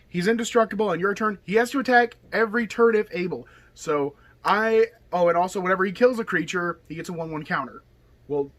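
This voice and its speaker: A man's voice: high-pitched, bright, forceful tone. A man casually talking through his card game deck, rambling and chatty, filling his talk with okay and you know. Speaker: deck tech host. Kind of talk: casual hobby video talk.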